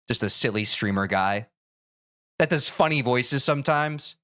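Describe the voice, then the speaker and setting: A man's voice: medium pitch, big pitch swings, moderate pace, bright, forceful tone, no room sound, studio quality. A man chatting casually on a live stream, reacting to chat in a jokey, self-deprecating way.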